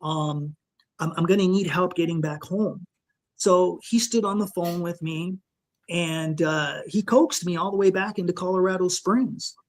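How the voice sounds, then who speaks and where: A man guest on a podcast, recounting a frightening personal encounter in a halting, emotional way, full of restarts and "you know". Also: sits high. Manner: shaken, emotional retelling.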